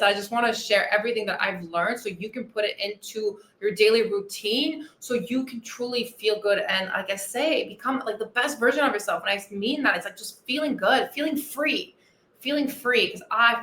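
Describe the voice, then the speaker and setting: Bright, eager woman coach in an echoey room. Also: mid-range voice. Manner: enthusiastic and earnest, repeats key phrases. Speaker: weight-loss and life coach, podcast host. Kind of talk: motivational podcast monologue.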